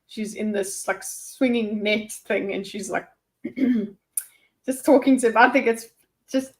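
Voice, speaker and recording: A woman's voice: mid-range voice, a little slow. A woman co-hosting a book read-through, chatting casually with lots of "like" and giggly asides. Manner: chatty, giggly, full of fillers. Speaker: co-host reading aloud. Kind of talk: casual chat.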